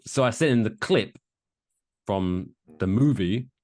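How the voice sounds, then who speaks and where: A young man co-hosting a podcast in casual chat, rambling, restarting often and dropping into quiet asides. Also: lowish voice, expressive, takes it slowly. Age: young adult. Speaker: podcast co-host.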